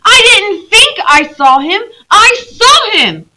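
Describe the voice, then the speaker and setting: A woman voicing an excited young girl who insists she is right and is close to tears. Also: takes it slowly, exaggerated voice. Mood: insistent. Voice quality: high, loud and pleading.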